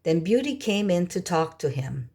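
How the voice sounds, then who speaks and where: A woman narrating a storybook in a slow, deliberate reading. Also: on the low side, sing-song, darkish tone. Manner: slow, deliberate, clear wording.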